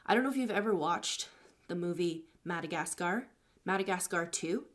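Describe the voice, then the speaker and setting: A woman's voice: lowish voice, expressive, moderate pace. A woman life coach talking casually on a live stream, thanking viewers between stories and advice.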